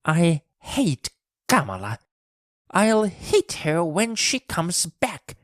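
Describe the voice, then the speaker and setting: A man's voice: a little high, wildly swooping pitch, slow pace, darkish tone, slightly rough, no room sound, studio quality, voice pushed up, full character voice. A man voicing a selfish, bad-tempered girl of about nine in a storybook reading, speaking crossly and demandingly. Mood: sulky. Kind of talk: storybook reading with character voices.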